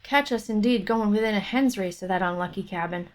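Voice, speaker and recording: A woman's voice: medium pitch, a little fast, close to an everyday voice. A woman reading aloud as a band of male robbers who fawn over their captain and fear the cabin. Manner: fawning, scared.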